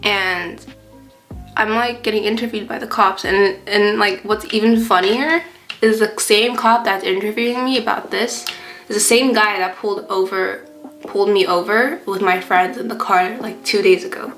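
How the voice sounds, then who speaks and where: Over faint background music in a roomy-sounding room, a young adult woman does her makeup and shares a casual storytime. Her mid-range, slightly bright voice keeps a moderate pace and fairly even intonation. As a beauty vlogger, she's chatty, filler-heavy, and swears freely.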